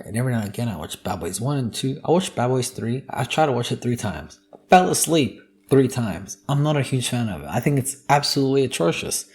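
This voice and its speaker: Gravelly man ranting on a podcast. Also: mid-range voice, a little mellow. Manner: profane, joking, ranting. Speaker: podcast host. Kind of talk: casual solo podcast monologue.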